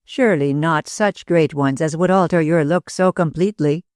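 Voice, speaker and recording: A woman's voice: low-pitched, normal speed, a little mellow, no echo, clean studio sound, close to an everyday voice. A woman voicing an earnest young man who speaks bluntly. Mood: puzzled.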